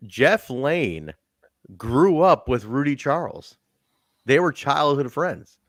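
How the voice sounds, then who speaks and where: A man hosting a casual podcast chat, animated and laughing often. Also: mid-range voice, slow pace, dry recording, clean studio sound. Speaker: podcast host.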